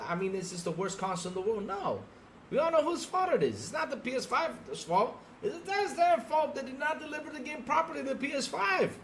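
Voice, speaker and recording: A man's voice: high-pitched, a little hiss or hum. A man co-hosting a gaming podcast, ranting heatedly and exasperatedly at his audience with rhetorical questions. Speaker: podcast co-host. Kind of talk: ranting livestream podcast talk.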